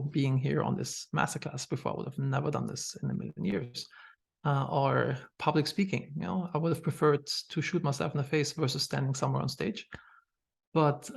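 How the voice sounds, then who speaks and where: Husky German-accented man, candid talk. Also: fairly high pitch, normal speed. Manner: candid, anecdotal, frequent fillers and restarts. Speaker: startup founder. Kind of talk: masterclass talk.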